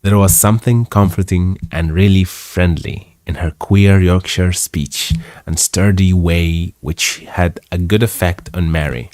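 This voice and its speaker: A man's voice: sits low, fairly even intonation, darkish tone, no room sound, clean studio sound. A man whose first language is Arabic, reading a classic novel aloud live and stopping to comment on its wording. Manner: slow, reflective, chuckles at the text. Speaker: English reading host.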